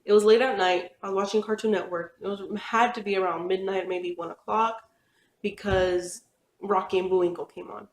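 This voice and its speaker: A woman's voice: medium pitch, steady tone, moderate pace, slight background noise. Chatty young woman in an echoey room. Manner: rambling, chatty, with frequent fillers and laughs. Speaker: vlogger telling personal stories. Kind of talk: casual storytelling.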